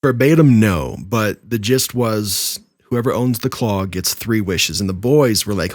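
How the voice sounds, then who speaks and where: A man's voice: lowish voice, a little slow, hardly any pauses, no room sound, clean studio sound. A man co-hosting a podcast in laid-back, joking casual chat. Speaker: podcast co-host.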